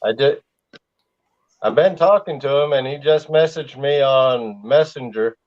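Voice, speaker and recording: A man's voice: mid-range voice, measured pace, darkish tone. A man with a Southern accent, hosting a casual livestream chat and telling stories in a laid-back way. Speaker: livestream host. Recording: slightly dull lo-fi sound.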